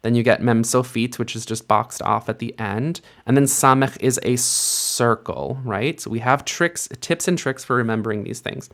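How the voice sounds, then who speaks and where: A young man teaching Biblical Hebrew, explaining letters patiently step by step and slowing down to read verses aloud. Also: mid-range voice, a bit bright. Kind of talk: instructional lesson with slow read-aloud.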